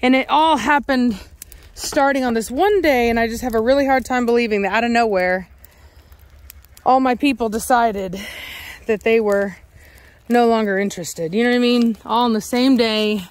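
A woman's voice: on the high side, moderate pace, no room sound. A woman dog breeder with a Texan accent, chatting casually outdoors and cooing baby talk at her dogs.

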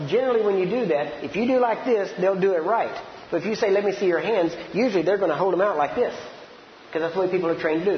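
Guy teaching a crowd step by step, fairly high voice, boomy hall, kinda muffled lo-fi audio. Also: slight background noise. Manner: instructive, demonstrating step by step with frequent "right?" checks. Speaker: ministry teacher. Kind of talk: live teaching seminar. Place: large hall before a live audience. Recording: echoey hall, dull lo-fi sound.

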